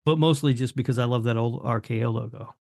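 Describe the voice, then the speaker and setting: A man co-hosting a horror movie podcast, casual and blunt, flatly dismissive. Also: medium pitch, quick pace, creaky, no room sound, studio quality. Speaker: podcast co-host. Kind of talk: casual chat.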